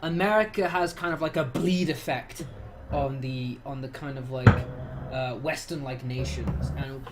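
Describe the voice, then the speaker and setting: A man's voice: mid-range voice, measured pace, heavy background noise. Sweary young Englishman with an English accent. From England. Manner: swearing, mimicking voices, laughing at his own jokes. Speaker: game master host. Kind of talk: casual banter between game sessions.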